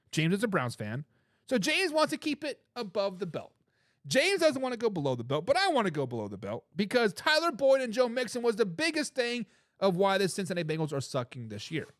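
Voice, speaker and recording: Man, sports show host, casual commentary, lively swooping delivery, laughs often, dry recording. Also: high voice, a little fast, no echo. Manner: emphatic, repeats his points; laughs between remarks.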